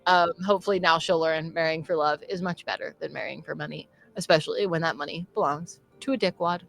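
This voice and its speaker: A woman running a tabletop game as game master, narrating with animated swings in energy and frequent laughter. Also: low-pitched, quick pace, gravelly, soft background music.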